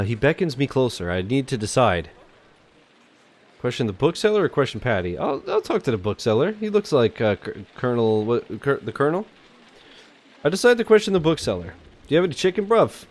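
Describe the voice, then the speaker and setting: A man's voice: medium pitch, big pitch swings, brisk, a little mellow. A man streaming a visual novel, reading narration aloud and cracking rambling, profane jokes. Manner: joking, rambling, profane asides. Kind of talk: casual game-stream commentary and reading.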